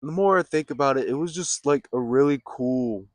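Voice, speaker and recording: A young man vlogging in a laid-back, rambling way, with many fillers and pauses. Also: medium pitch, no echo. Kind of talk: casual vlog talk. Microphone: phone or camera mic, built-in mic.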